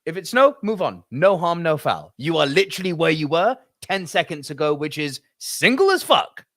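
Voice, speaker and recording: Man, podcast co-host, swearing storyteller, lively swooping pitch, dry close sound. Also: moderate pace, no echo. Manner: profane, animated storyteller. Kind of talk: casual podcast chat.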